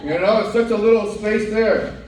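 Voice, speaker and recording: A man's voice: sits high, fairly even intonation, moderate pace, a little mellow. A middle-aged man doing wry stand-up comedy, asking the crowd rhetorical questions on a club stage. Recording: echoey club from far off.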